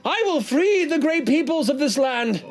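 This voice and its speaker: Melodrama heroine, big and declamatory, a man puts her on, much higher than his normal voice. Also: animated, moderate pace. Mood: grandiose. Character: heroic female stage actress in a melodrama.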